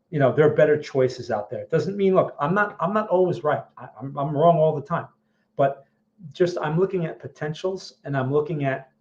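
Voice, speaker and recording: A man's voice: on the high side, darkish tone, dull audio. Blunt man reviewing trading charts. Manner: blunt, emphatic, often says okay. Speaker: trading analyst host. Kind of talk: live-stream chart analysis.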